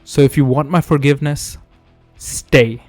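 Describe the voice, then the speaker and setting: A man's voice: medium pitch, steady tone, measured pace, no echo, faint music behind, close to an everyday voice. Injured male wrestler, challenging, intense, man reading, dry. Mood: defiant.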